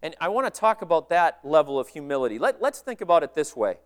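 A man's voice: a little high, big pitch swings, fast, clean tone. Conversational male pastor preaching. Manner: conversational, asks rhetorical questions with frequent "right?". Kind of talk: sermon.

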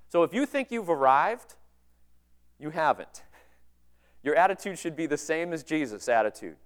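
A man's voice: fairly high pitch, expressive, fairly quick, smooth. A male pastor preaching a sermon in a conversational way, with many rhetorical questions. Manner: conversational, asks rhetorical questions with frequent "right?".

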